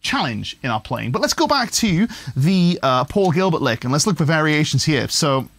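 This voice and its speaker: A man's voice: on the high side, very animated, moderate pace, a bit bright, no room sound. A man giving a chatty, enthusiastic livestream guitar lesson, thinking aloud with fillers. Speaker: guitar teacher. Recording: guitar playing in background.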